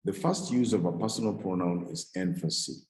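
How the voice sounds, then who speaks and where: A man's voice: deep voice, a little mellow, roomy sound, low-quality recording. A man teaching a Greek grammar class, explaining step by step and often restarting and correcting himself. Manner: explains slowly, with frequent restarts and self-corrections. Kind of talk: classroom lecture.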